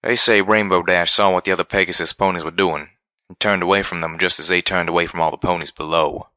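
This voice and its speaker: A man voicing a young male pegasus pony who talks in a folksy, drawn-out country way in a storybook reading. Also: deep voice, steady tone, pushed and bright, no room sound.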